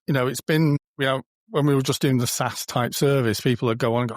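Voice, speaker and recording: A man chatting informally as a podcast guest, often slipping into little quoted exchanges. His voice sits at an ordinary middle pitch. The sound is dry and close, with no room echo. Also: steady tone, quick pace, hardly any pauses. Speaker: podcast guest, booking company co-founder. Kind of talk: casual conversational interview.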